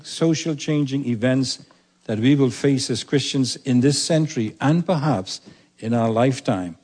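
A man preaches a sermon at a middle pitch, earnest and emphatic. He presses his points and slows down when he reads scripture. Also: darkish tone. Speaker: pastor.

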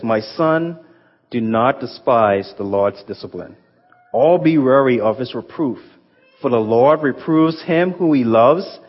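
Male pastor, husky, earnest sermon delivery; muffled recording. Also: medium pitch. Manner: earnest, emphatic scripture reading with conversational asides. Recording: echoey hall, muffled sound.

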